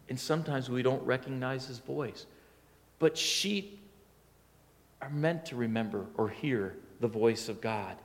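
A man preaching a sermon in a fairly high, conversational voice. He talks like he is telling a story, then leans hard into his main points. The sound carries the long reverb of a large church hall. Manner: conversational storytelling, rising to emphatic. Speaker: pastor.

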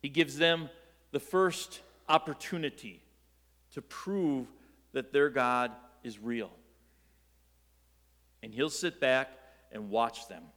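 A man preaching a sermon, telling the story in a lively way with rhetorical questions and light jokes. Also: medium pitch, slow pace, long pauses, in a large hall. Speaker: pastor.

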